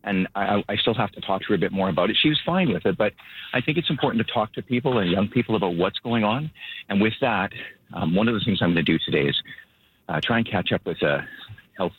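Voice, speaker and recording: A man speaking as a local government spokesperson, out of breath and earnest, rambling with halting restarts. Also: lowish voice, lively intonation, husky. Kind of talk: phone interview. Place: outdoors at his vehicle. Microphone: phone. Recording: tinny phone line.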